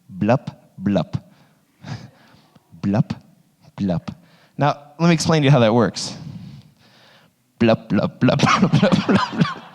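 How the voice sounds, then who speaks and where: A man's voice: fairly high pitch, smooth. A man in his thirties, a youth pastor, telling a rambling, self-mocking personal story in a sermon, full of "like" fillers, on stage microphones. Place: large hall with an audience. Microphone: two stage microphones. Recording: long hall reverb.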